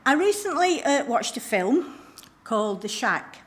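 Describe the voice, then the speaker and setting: A woman's voice: sits high, sing-song, a little slow. A middle-aged woman giving an informal church message, retelling a story in a homely, conversational way with frequent hesitations. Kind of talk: informal recorded sermon.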